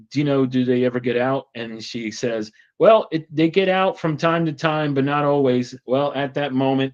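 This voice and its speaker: A man's voice: medium pitch, a little mellow. Chatty male host, mid-range voice, loose filler-heavy recap style, muffled lo-fi audio. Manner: chatty, rambling with many fillers. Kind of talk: casual retelling.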